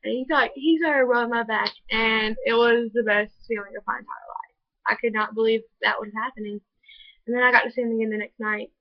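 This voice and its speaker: Teen girl vlogging her story, kinda high voice, earnest and gushy, says like a lot, dry muffled webcam sound. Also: steady tone, a little fast, gravelly, no room sound. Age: teens. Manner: earnest, gushing, many "like" fillers. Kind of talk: personal storytelling vlog. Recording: dull lo-fi home video audio.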